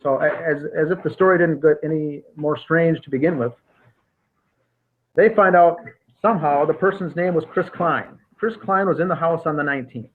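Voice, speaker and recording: A man's voice: fairly high pitch, moderate pace. A man hosting a podcast, recounting case details methodically with frequent restarts. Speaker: podcast host. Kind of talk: casual investigative discussion. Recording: tinny phone-like line.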